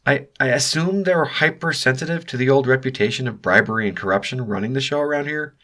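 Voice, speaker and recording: A young male graduate intern, as the narrator plays him, careful and conciliatory. His bright tone stays level and measured. He talks to calm others down. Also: medium pitch, pitched above the performer's own voice, close to an everyday voice.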